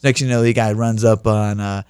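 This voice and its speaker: A man's voice: lowish voice, level tone, fairly quick, darkish tone, clean tone, dry recording, clean studio sound. A young man in his twenties, an interview guest who tells stories with energy and laughs through the punchlines. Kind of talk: casual storytelling interview.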